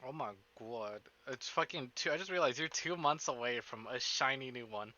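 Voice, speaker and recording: A man streaming a visual novel, chatting casually with his chat, excitable and swearing often. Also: medium pitch, moderate pace, muffled recording. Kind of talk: casual live-stream chat and game reading.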